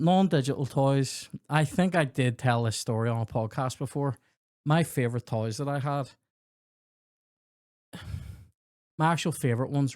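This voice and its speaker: A man's voice: medium pitch, a little mellow, no echo, clean studio sound. A man, a comedy podcast host telling rambling, sweary childhood anecdotes and acting out the dialogue. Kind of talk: casual storytelling chat.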